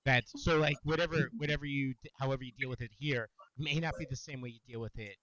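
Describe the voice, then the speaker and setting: A man co-hosting a casual gaming talk show, measured and wry, calming the others' arguments. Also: medium pitch, highs cut off. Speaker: podcast co-host. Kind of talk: casual chat among friends.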